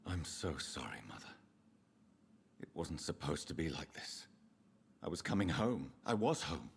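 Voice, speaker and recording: A man's voice: big pitch swings, a little slow, breathy edge, heavily acted. An actor voicing a brooding, sorrowful young vampire speaking to his mother, in a subdued, voice. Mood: pained. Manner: subdued, low, pained and earnest. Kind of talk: studio game dialogue. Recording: game audio with faint music underneath.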